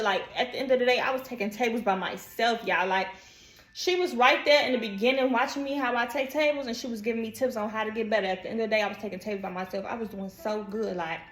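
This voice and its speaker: Young woman vlogger, bright higher voice, cussing and acting out her story in an echoey room. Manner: animated, profane, acts out quoted dialogue. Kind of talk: casual storytime. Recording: echoey room, faint music.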